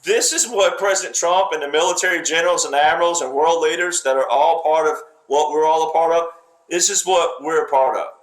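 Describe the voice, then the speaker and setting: A little high and a little fast, a man's voice lectures emphatically on politics. Fragmented and repetitive, his commentary is recorded with a roomy echo.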